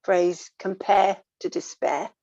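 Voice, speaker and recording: A woman talking earnestly in a casual reflective way, coaching gently and repeating her phrases. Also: on the low side, fairly even intonation, takes it slowly, no echo. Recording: dull lo-fi dry sound.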